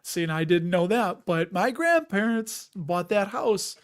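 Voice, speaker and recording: A man in his fifties with a fairly high voice hosts a casual investing livestream. He chats loosely with viewers, cracking jokes and laughing often as he wanders between asides. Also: expressive, a little slow. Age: 50s. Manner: chatty, jokey, laughs often, rambling asides. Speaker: host of a dividend investing livestream. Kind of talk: casual livestream chat reading viewer comments.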